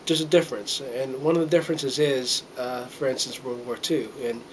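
A man's voice: medium pitch, fairly even intonation, fairly quick, slight background noise, poor audio. A middle-aged man from the United States talking to a handheld camera in a casual, earnest monologue, rambling with many fillers and restarts and getting a little choked up. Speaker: vlogger.

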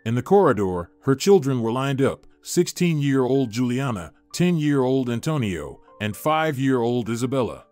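Male storyteller, mid pitch, measured and even, dry close sound with faint music. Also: no room sound. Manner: steady, measured reading. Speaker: narrator. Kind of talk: scripted story narration.

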